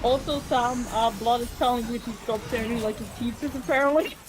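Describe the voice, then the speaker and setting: A woman from Germany, chatting on a group stream, telling a story haltingly and making dry jabs. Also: on the high side, steady tone, low-quality recording. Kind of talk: casual group chat. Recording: music behind the voice.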